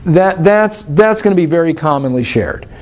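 A man's voice: on the high side, lively intonation, moderate pace, darkish tone. A man leading a church study class, explaining things in an informal, thoughtful and wry way while answering questions.

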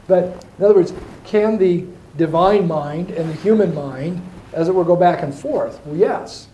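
A man with a fairly high but mellow voice explains ideas in a thoughtful way, drifting off on side paths and slowing down to stress key points. The room around him is echoey and carries a faint hiss. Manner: thoughtful, digressive, with slowed emphasis. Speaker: teacher. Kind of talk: explaining faith in a discussion.

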